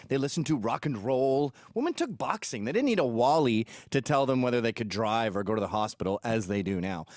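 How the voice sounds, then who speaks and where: A man's voice: mid-range voice, darkish tone, no echo, clean studio sound. A man from England hosting a commentary show, reacting to video clips in a crude, sarcastic and mocking way. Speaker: host.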